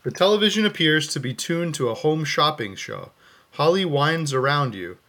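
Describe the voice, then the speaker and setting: Man, podcast co-host, reading text-adventure prompts aloud, animated pitch, amused asides. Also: normal speed. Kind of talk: casual play-through with read-aloud game text.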